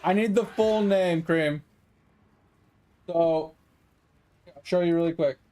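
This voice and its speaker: A man's voice: a little high, slow, dark tone. A young man giving casual gameplay commentary as a streamer, frustrated and swearing while he talks to his chat. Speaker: gaming streamer.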